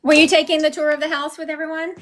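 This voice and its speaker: A woman's voice: high-pitched, flat delivery, quick pace, a bit bright. A middle-aged woman who works as a psychic medium, rambling chattily on a livestream from her home through a phone she carries around.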